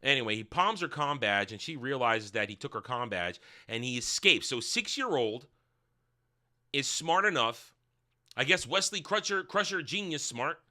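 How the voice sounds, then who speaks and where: A man's voice: medium pitch, big pitch swings, normal speed, sharp tone. Sarcastic man ranting through a review. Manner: sarcastic, rambling, profane asides. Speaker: TV review host. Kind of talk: casual spoken review recap.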